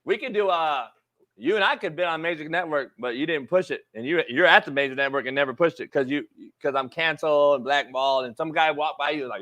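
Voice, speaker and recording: A man's voice: fairly high pitch, brisk, bright, forceful tone. A man hosting a sports podcast in casual chat, profane and teasing. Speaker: show host.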